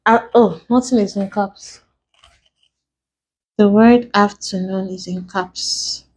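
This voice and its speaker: A woman's voice: mid-range voice, steady tone, slow, a little mellow, husky. A woman teaching an exam tutorial, patiently explaining each step. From Nigeria.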